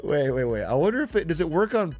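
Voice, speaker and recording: A male livestream host gives casual reaction commentary in a lively, up-and-down voice. He jokes and swears freely. Faint music sits in the background. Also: on the high side, fast. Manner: animated, joking, profane.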